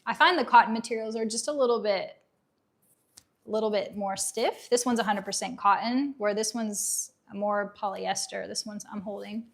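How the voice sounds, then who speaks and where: A woman from Tennessee with a light Southern accent hosts a casual livestream in a creaky, mid-range voice at normal speed. Chatty and upbeat, she laughs easily and reads viewer comments aloud.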